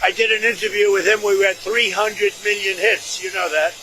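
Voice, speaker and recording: A man's voice: sits high, steady tone, moderate pace, background noise. A man answering reporters at a press conference, combative and repetitive, cutting questioners off. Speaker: politician taking press questions.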